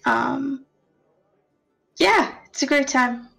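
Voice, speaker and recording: A woman's voice: high-pitched, drawn-out words, vocal fry, fairly bright tone, faint music behind, low-quality recording. A woman player in a tabletop game, chatting casually with tentative questions. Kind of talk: casual chat.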